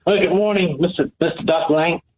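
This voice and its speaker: A man calling in to a radio show, halting and hesitant, repeating his words. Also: a little high, steady tone, husky. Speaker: caller. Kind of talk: phone-in call. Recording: dull phone line.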